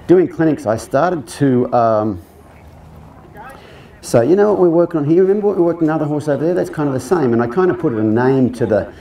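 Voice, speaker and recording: A man's voice: a little high, lively intonation, brisk, gravelly, warm tone. A male horse trainer giving a live clinic talk, conversational and joking, often putting questions to the audience.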